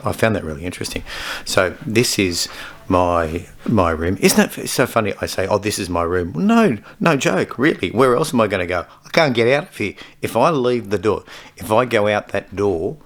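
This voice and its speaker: A middle-aged man chatting casually in a self-filmed vlog from his hotel room, rambling and joking as he corrects himself. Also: deep voice. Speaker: vlogger in hotel quarantine.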